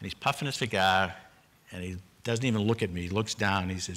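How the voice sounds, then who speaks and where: Older man, from Boston, earnest storytelling, restarts often, bright tone. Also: low voice, quick pace. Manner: earnest, with repeated restarts and brief laughs. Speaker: panelist. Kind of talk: personal storytelling at a public forum.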